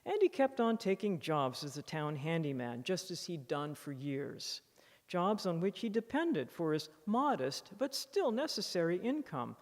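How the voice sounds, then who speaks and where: A woman author giving a public lecture, reading from her book with expressive, animated emphasis at a podium microphone. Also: fairly low pitch, unhurried. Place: lecture hall in a library museum. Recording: long reverb of a lecture hall.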